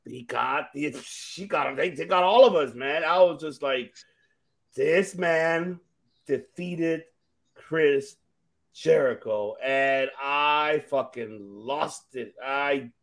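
A man co-hosting a casual wrestling podcast, talking in an animated, excitable way and swearing freely. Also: a little high, slow. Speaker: podcast co-host.

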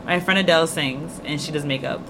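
Young woman, quick casual storyteller who acts out the dialogue, in a noisy room recording. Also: sits low. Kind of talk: casual chat.

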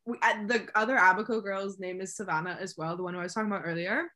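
Bright, animated Bahamian woman. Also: medium pitch, fast talker. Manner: animated storyteller, acts out voices. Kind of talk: casual chat.

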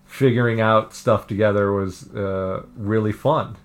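A man with a lowish voice chats loosely on a podcast, rambling through his thoughts with plenty of ums and you-knows. He laughs often and rolls along with the silly ideas. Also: steady tone, measured pace. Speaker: podcast co-host. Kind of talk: casual chat. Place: living in Japan.

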